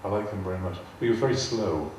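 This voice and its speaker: A man's voice: fairly low pitch, quick pace, a little mellow. A man in his later years with a West Country accent, telling amused anecdotes as a guest speaker to a live audience. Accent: West Country English. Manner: chatty, amused storyteller. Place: large arts hall. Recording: echoey hall, distant mic, faint hiss.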